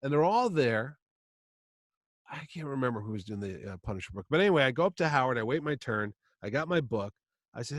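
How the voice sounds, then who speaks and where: A man's voice: medium pitch, a little fast, no echo. A man in his fifties hosting a podcast, telling a long story in casual chat and acting out the quotes. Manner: animated storyteller who acts out quotes. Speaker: podcast host.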